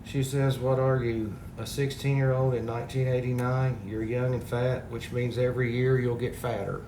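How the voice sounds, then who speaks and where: A man's voice: medium pitch, flat delivery, moderate pace. A man talking casually to his viewers, exasperated and rambling, reading out comments. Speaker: parody video maker. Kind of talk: casual complaint to camera. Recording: echoey room with background noise.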